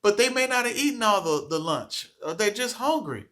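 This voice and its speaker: A man's voice: high voice, sing-song, fairly quick, fairly bright tone. A man giving a training talk to childcare teachers, earnest and coaching, often checking in with "okay?".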